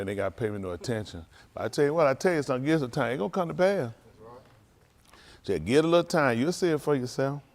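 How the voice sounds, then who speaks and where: A man, a pastor making folksy, teasing small talk with his congregation in a loose call-and-response way before the service. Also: medium pitch. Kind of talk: informal pre-sermon banter with congregation. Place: congregation hall.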